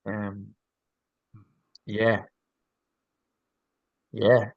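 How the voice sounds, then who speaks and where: A man guesting on a podcast talks in a low register, earnest and reflective. He gropes for words, with frequent ums and restarts. The sound is close and dry, with no room around it. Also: little pitch movement, drawn-out words, gravelly, dry recording, muffled recording. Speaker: podcast guest, leadership coach.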